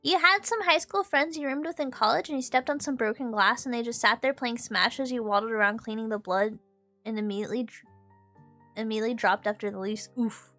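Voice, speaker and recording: Bubbly high-voiced young woman streamer. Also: brisk, soft background music. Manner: animated storytelling, frequent laughter. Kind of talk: casual chat.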